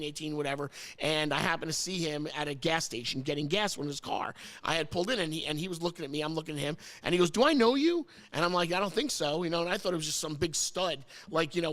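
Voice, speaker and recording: A man with a notably high voice tells a story over a casual chat, rambling and repeating words as he goes. He is from New Jersey and hosts the show, and he grows choked up as he talks. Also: fairly bright tone. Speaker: host.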